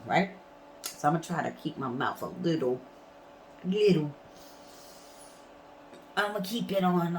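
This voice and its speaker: A woman's voice: low-pitched, big pitch swings, moderate pace, pauses often, darkish tone, slight background noise, poor audio. A woman vlogging in a casual storytelling way, blunt and emphatic, swearing freely.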